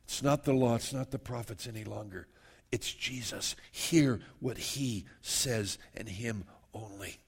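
Gravelly-voiced man preaching a sermon. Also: mid-range voice. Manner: earnest, conversational preaching with direct asides to listeners. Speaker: pastor. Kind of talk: verse-by-verse sermon.

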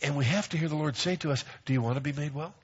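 Husky-voiced middle-aged man preaching. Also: on the high side, racing. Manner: emphatic, repeats phrases, acts out quoted voices. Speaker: pastor. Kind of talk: sermon. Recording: dull lo-fi recording.

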